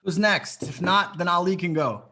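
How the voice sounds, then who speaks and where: A dating coach leads a live coaching session over a video call, with slight background noise. His slightly high voice carries a bright, tense energy at a moderate pace. He speaks bluntly and confidently, swearing along the way and driving each point home.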